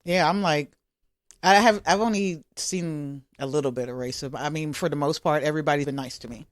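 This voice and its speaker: A woman comedian guest telling stories in a casual podcast chat, animated and laughing often. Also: deep voice, brisk, dry recording, studio quality.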